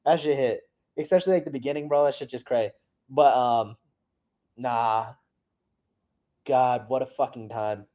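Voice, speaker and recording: A man's voice: mid-range voice, steady tone, a little slow, pauses often, mellow. A man in his late twenties, rambling casually and profanely through a personal reflection on his past year, often trailing off. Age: 20s. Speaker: vlogger.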